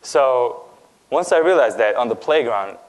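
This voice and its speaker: A man's voice: medium pitch, expressive, measured pace, low-quality recording. A young man from India who grew up in Dubai, giving a personal talk on stage in a conversational way, with frequent fillers and "right?" asides. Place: lecture stage.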